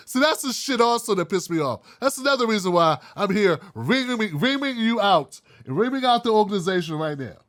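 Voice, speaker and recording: Blunt, fired-up male commentary host. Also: sits high. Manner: blunt, fired-up, swears freely. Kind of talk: opinion commentary.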